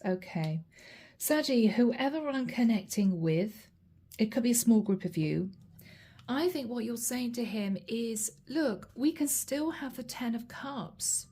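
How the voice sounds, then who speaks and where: A middle-aged woman with a warm, mid-range voice that's slightly rough gives a channeled tarot reading. She chats straight to the viewer and names each card as she draws it.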